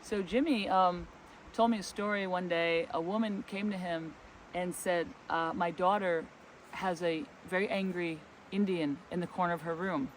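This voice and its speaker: A man with a high, steady voice, talking at a moderate pace, co-hosts a spiritual travel vlog outdoors in a windy forest. He tells a loose, rambling story and acts out the lines of dialogue. The recording is low-quality, with light wind and outdoor noise.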